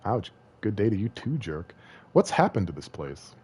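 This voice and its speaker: A man's voice: on the low side, sing-song, normal speed, a little mellow, slightly rough. A man streaming a video game, chatting casually and joking, rambling and slipping into silly voices. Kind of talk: casual gaming livestream commentary.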